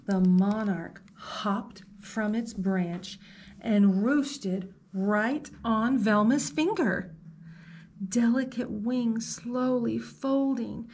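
Librarian reading a storybook to kids, slow, gentle, soft-spoken, woman. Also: on the high side, a little hiss or hum. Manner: slow, gentle, asks the listener questions. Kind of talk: reading a picture book aloud to children.

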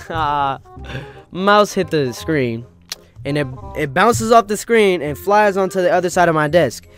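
High-voiced young man ranting casually. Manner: profane, animated, peppered with "bro" and "you know what I mean". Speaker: gaming YouTuber. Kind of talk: casual storytime rant.

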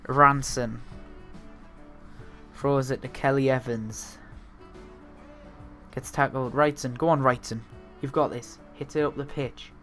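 A young man, from north-east England, hosting a let's-play of a football management game and swinging between muttering and excited outbursts. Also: mid-range voice, slow, pauses often, soft background music. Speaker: gaming video host.

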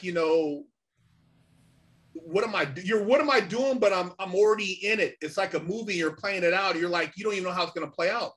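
A middle-aged man telling a story casually and animatedly, swearing often and filling pauses with "you know" and "man". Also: sits high. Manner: animated, swears a lot, many fillers. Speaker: podcast guest.

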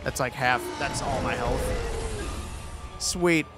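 A man's voice: mid-range voice, slow, over music. A young man playing a video game, reacting and swearing as he goes. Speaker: gamer playing on a show. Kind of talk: casual gaming commentary.

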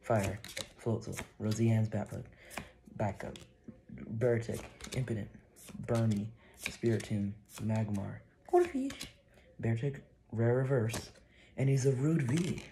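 A man's voice: fairly low pitch, slow pace, gravelly, slight background noise. Man vlogging with kitchen clatter behind. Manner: playful mock threats, excitable reactions. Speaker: card-opening vlogger. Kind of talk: casual commentary while opening cards.

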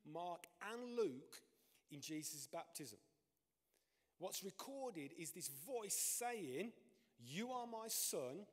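A man preaching a sermon as pastor, animated, his voice climbing and dropping in pitch and loudness. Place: church. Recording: long reverb of a church hall.

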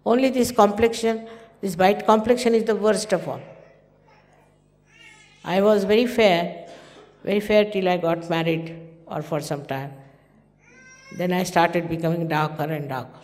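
A woman's voice: fairly low pitch, fairly even intonation, measured pace, long pauses, darkish tone. Older Indian woman teaching in a hall. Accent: Indian English. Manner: conversational, anecdotal, acting out quoted dialogue. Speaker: spiritual teacher. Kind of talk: informal spiritual talk. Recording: long hall reverb.

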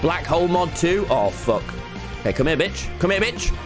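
A young man streaming a game, talking to chat, swearing and bursting into yells. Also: fairly high pitch, moderate pace. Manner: excitable, swearing, yelling bursts. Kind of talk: gaming livestream commentary. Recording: game music behind the voice.

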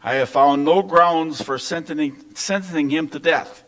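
Brief: man reading a troubled Roman governor in a church scripture reading, lines lifted higher on each question. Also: normal speed, lightly acted, rough recording. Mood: pleading. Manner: expressive reading, rising pitch on questions. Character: weary male Roman governor questioning a prisoner.

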